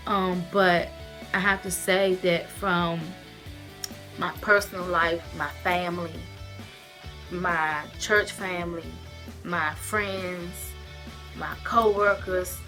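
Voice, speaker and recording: Her voice lowish, this woman speaks slowly with long pauses as faint music plays. In a casual vlog addressed to camera, she shares her weight-loss surgery experience, earnestly and expressively recounting her recovery with emotion and giving direct, heartfelt advice.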